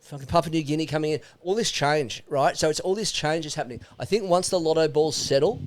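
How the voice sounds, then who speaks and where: Swearing plenty and speaking bluntly, a middle-aged Australian guest talks animatedly in a casual podcast chat. His voice is fairly high and quick, with no room sound.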